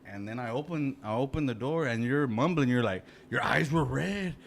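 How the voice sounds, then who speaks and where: A man's voice: mid-range voice, animated, moderate pace, vocal fry, a little hiss or hum. A man co-hosting a podcast, telling a drunken story in casual chat, rambling and profane, full of "you know" and restarts. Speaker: podcast co-host.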